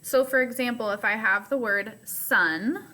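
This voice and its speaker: A woman's voice: on the high side, a little slow, pushed and bright, slight background noise. A woman teacher recording a remote phonics lesson for her students, explaining step by step in a patient way.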